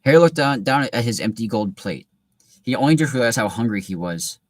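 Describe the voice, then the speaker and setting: A man's voice: medium pitch, expressive, brisk, no echo. A young man reading a children's novel aloud and breaking off into laid-back, filler-heavy commentary. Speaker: reader.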